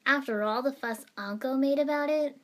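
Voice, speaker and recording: A woman's voice: sits high, normal speed, fairly bright tone, voice pushed up. A woman reading a story aloud, voicing a bossy teenage girl ninja who scolds sharply. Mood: scolding.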